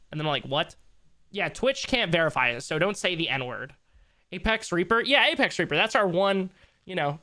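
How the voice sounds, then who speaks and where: A man's voice: a little high, pushed and bright. A young man livestreaming, chatting casually with his viewers in a loose, joking, slangy way and laughing easily.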